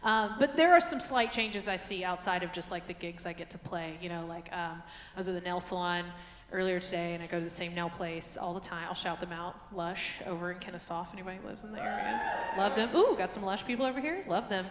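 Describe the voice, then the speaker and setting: A woman's voice: lowish voice, lively intonation, brisk, slight background noise. A woman performs a live stand-up set on a theater stage, chatty and self-mocking with punchy asides. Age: late 30s. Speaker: stand-up comedian. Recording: echoey theater hall, faint crowd. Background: audience ambience.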